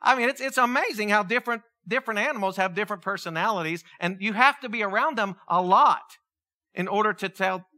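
A man preaching a sermon, animated, asking the congregation questions and acting out quotes. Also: sits high, a little fast. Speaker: pastor.

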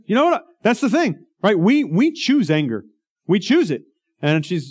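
A male pastor delivering a sermon in an earnest, emphatic way. His voice sits a little high for a man, and he keeps asking his listeners rhetorical questions. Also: sing-song, normal speed, a little mellow.

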